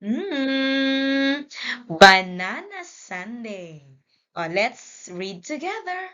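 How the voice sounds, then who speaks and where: A woman teacher giving a children's English lesson, prompting read-alongs in a slow, deliberate way. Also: mid-range voice, very animated, a bit bright, highs cut off.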